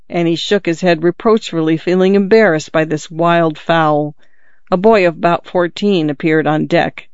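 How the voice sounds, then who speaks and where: A narrator reading a classic story in a measured, descriptive way. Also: mid-range voice, steady tone, smooth, dry recording, muffled recording. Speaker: audiobook narrator.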